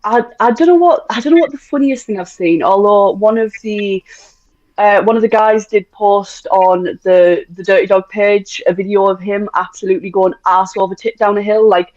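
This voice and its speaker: A woman's voice: mid-range voice, moderate pace, a little mellow, no room sound. A British woman chatting bluntly as a podcast guest, swearing freely and laughing often. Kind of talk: casual podcast chat. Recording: dull, muffled audio.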